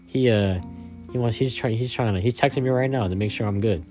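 A young man casually telling a personal story, halting and slangy, with lots of fillers. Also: mid-range voice, over music.

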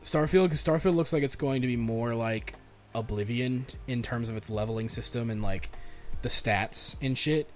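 A young man co-hosting a podcast, rambling excitedly about video games with lots of swearing and restarts. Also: medium pitch, moderate pace, soft background music. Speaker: podcast co-host. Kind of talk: casual chat about games and movies.

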